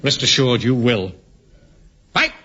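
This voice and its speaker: A man's voice: medium pitch, very animated, takes it slowly, pushed and bright, exaggerated voice. A man playing a pompous, self-important middle-aged bank manager who also leads a platoon, blustering in a radio sitcom. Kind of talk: 1970s radio sitcom acting. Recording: hissy, dull old radio recording.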